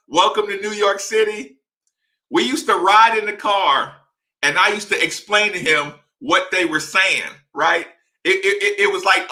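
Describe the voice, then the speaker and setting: A man telling casual stories straight to his camera, chatty and animated, acting out the dialogue of the people in them. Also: high-pitched. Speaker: former basketball player sharing stories. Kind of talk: casual storytelling vlog. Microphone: webcam or phone facing him.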